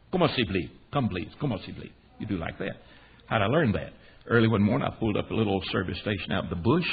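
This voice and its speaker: An American man with a lowish, creaky voice teaches a men's Bible class in the United States, animatedly telling stories and quizzing his students. The recording sounds tinny and phone-like, with a faint hiss.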